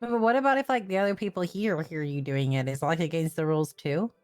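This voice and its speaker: A woman's voice: low voice, fast, darkish tone, dry recording, soft background music. A woman in casual in-character role-play chat, curious and questioning, stammering when flustered.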